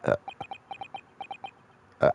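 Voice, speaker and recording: A let's-play streamer reads a video game's dialogue aloud and jokes with his chat in casual commentary, mixing read lines with banter and laughing often. He speaks very slowly, the highs are cut off, and the background is noisy.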